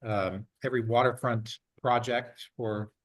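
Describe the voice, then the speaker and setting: A man chairs a community meeting. He speaks in a friendly, halting way with many fillers. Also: medium pitch, fairly even intonation.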